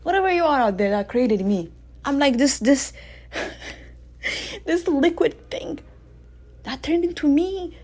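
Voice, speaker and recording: A woman in her thirties, with a voice that sits a little high, hosts a radio show in a casual spiritual monologue. She talks with animated energy, jumping to loud bursts and then dropping to soft, near-quiet asides. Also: takes it slowly, long pauses. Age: 30s.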